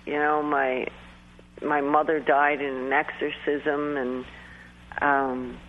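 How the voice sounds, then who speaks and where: A man's voice: fairly high pitch, little pitch movement, slow, a little hiss or hum. A man, a guest psychic medium, telling a personal story on a call-in interview in a rambling, hesitant way full of restarts. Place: calling in from home in New York. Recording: tinny phone line.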